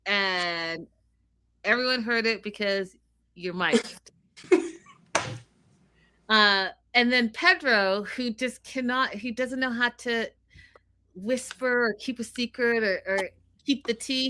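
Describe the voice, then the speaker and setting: A woman co-hosting a casual reality TV recap, retelling the drama in an animated way. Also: fairly high pitch, slow, long pauses. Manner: animated retelling of gossip with quoted voices. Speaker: podcast co-host.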